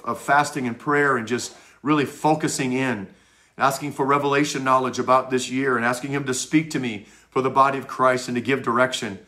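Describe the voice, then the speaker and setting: A man's voice: medium pitch, bright, forceful tone. A man, a pastor, preaching a fervent sermon with emphatic repetition.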